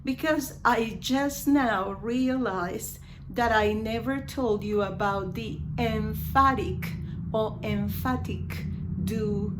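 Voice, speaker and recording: This recording is very noisy: a woman with a mid-range voice, Spanish being her first language, teaches English grammar. She goes over each example sentence slowly and makes side remarks in Spanish.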